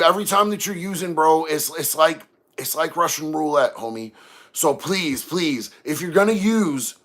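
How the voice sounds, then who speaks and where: Man, livestream host, high bright voice, slangy, laid-back chat.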